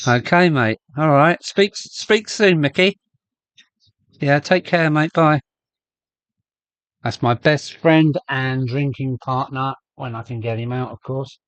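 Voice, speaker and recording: Slow, chatty man hosting a live stream. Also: medium pitch, fairly even intonation, clear, resonant tone, dry recording. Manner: chatty, rambling, greets viewers by name. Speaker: host of a model railway live stream. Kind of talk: casual live-stream chat. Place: home loft with a model railway layout.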